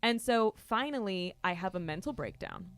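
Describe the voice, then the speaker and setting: A woman comedian telling a long, rambling story in a casual way, with lots of "like" and loud acted-out outbursts. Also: mid-range voice, animated, normal speed. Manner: rambling, filler-heavy, acts out voices loudly. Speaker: guest comedian.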